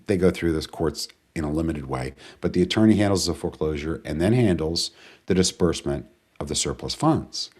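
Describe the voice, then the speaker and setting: A man's voice: deep voice, a little mellow. A man hosting a live webinar in a chatty, rambling way, greeting viewers and answering their questions. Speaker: webinar host. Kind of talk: casual live webinar talk.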